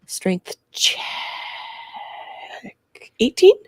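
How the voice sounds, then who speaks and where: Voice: drawn-out words, no echo, clean studio sound. A player in a tabletop game, describing actions in a rambling, hesitant way full of fillers.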